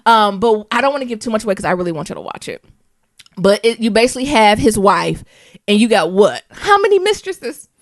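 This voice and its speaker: Animated slangy American woman chatting. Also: medium pitch, fast talker, no room sound, clean studio sound. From United States. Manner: animated, slangy, laughs often, spells words out. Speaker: podcast co-host. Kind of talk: casual chat.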